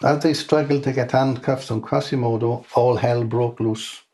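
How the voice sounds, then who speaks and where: A man reads his own comic short story aloud. His delivery is dry and deadpan, with a voice of middling pitch. He tells it plainly and lets the jokes land on their own. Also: moderate pace.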